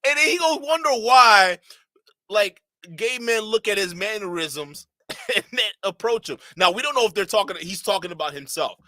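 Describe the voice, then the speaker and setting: Reaction-stream host: man, fairly high bright voice, slangy, laughs often, incredulous. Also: animated, normal speed, dry recording. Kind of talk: casual reaction stream talk.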